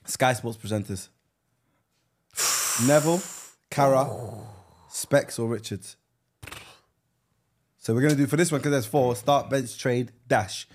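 A man's voice: mid-range voice, takes it slowly, pauses often, slight background noise. A man hosting a podcast, wry and laid-back in casual banter. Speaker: podcast host.

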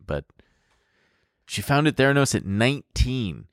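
A man's voice: medium pitch, big pitch swings, measured pace, dry recording, clean studio sound. A man co-hosting a podcast, chatting casually with blunt, wry asides. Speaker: podcast co-host. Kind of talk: casual chat.

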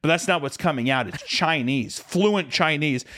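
A man's voice: a little high, moderate pace. A man telling a rambling, profane story in casual chat and acting out the people in it. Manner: profane, animated, acts out voices in quotes.

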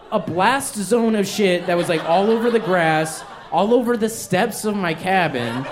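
A man's voice: high-pitched, noisy background. A man doing a stand-up comedy set on a club stage, telling a rambling, self-mocking story with lots of filler words, audience laughter behind him.

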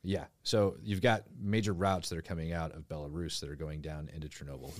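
A man's voice: extremely low pitch, fairly even intonation, fairly quick, no room sound. A man hosting a casual podcast, explaining things while he draws on a map. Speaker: podcast host.

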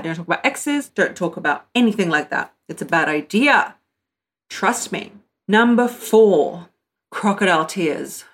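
A woman's voice: lowish voice, fairly bright tone. A young woman coaching on relationships, talking bluntly and emphatically and addressing her listeners as "my loves" and "girl". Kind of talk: direct-to-camera advice talk.

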